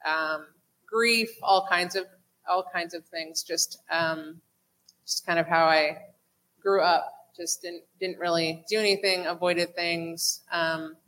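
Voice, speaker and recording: Woman, low-pitched, halting, restarting often, personal faith testimony. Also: a bit bright, low-quality recording. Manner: halting, many restarts and fillers. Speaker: church group member sharing testimony.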